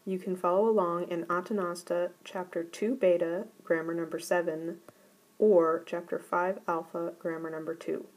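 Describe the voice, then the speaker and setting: A woman teacher giving a recorded grammar lesson, explaining rules in a careful, deliberate way. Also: on the low side, little pitch movement, a little mellow, low-quality recording.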